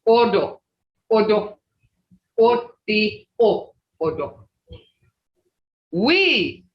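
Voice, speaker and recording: Slow, sing-song language teacher on a video call. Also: medium pitch, very animated. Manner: repeats native words slowly to drill sounds; folksy, plain-spoken, addresses class as "y'all" and "people". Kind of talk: online language class, pronunciation drill. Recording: distant, roomy, dull video-call audio with faint hiss.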